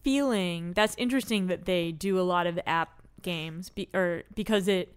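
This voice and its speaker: A woman's voice: fairly low pitch, normal speed, clean tone. A woman co-hosting a podcast in casual chat, talking loosely with many fillers and laughs. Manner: chatty, lots of likes and laughs. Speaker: podcast co-host.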